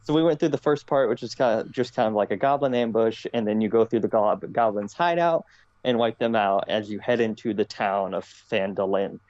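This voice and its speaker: A man co-hosting a podcast in casual chat, relaxed and rambling, often quoting his own thoughts. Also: on the low side, a little fast, dull audio. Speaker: podcast co-host.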